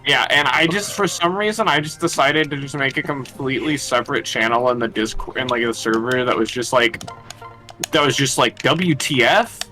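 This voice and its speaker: A man's voice: mid-range voice, moderate pace, sharp tone, soft background music. A man co-hosting a charity game stream, chatting loosely over a voice call and rambling through fillers and restarts. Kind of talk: casual group chat over a voice call.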